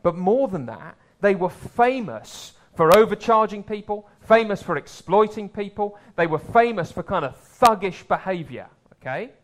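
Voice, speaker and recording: A man preaching a sermon in a conversational way, swelling louder for emphasis and dropping low for asides. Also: lively intonation, moderate pace, few pauses.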